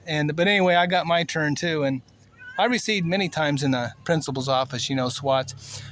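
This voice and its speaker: A man in his sixties, originally from Cuba, recounting memories in a loose, meandering way. His voice sits a little higher than most men's, and his speech is plain and unpolished, full of fillers and restarts. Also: normal speed, fairly bright tone, slight background noise. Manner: rambling, plainspoken, many fillers. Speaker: vlogger. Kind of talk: personal storytelling.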